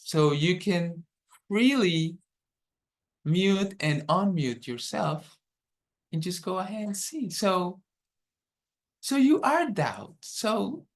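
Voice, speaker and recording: A man teaching a dharma workshop over a video call, guiding the group through an exercise and checking in often. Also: sits high. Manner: unhurried, checks in often with "okay?".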